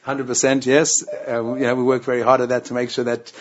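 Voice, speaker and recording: A man's voice: medium pitch, flat delivery, a little fast, dull audio. A man with a South African accent, a rabbinic administrator answering interview questions earnestly, with many "you know"s and "um"s.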